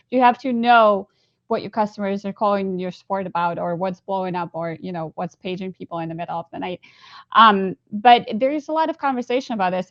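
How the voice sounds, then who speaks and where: A woman moderating a panel discussion over a video call, talking casually with many fillers and posing questions. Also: medium pitch. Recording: dull lo-fi audio.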